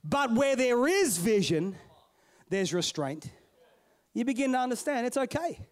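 A very high voice, a little slow: a middle-aged pastor animatedly and playfully tells a story in his sermon, calling out to the congregation as he goes.

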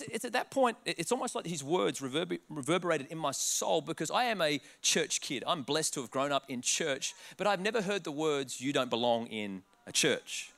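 A man with an Australian accent preaching a sermon, telling a funny personal story with quick laughs and acted-out quotes. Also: fairly high pitch, vocal fry. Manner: animated, laughing, restarts words, acts out quotes. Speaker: pastor.

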